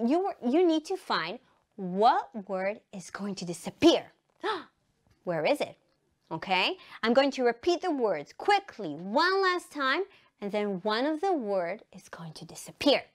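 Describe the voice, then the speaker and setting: A woman's voice: fairly high pitch, unhurried. A woman with an Israeli accent teaching English to young children on television, singing letters and having them repeat sentences. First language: Hebrew. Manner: animated, sings letters and has children repeat. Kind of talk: televised primary-school English lesson.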